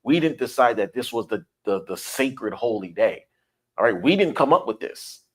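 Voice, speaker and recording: A man's voice: mid-range voice, expressive, moderate pace, breathy edge. A man leading a livestreamed Bible study, emphatic and repetitive, checking in with "all right?" after his points. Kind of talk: livestreamed scripture lesson.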